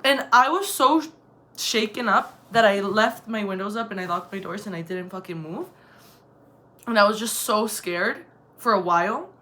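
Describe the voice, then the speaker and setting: A young woman from the El area telling a story casually in a vlog, animated and profane, acting out the dramatic moments. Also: mid-range voice, moderate pace. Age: young adult. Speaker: vlogger.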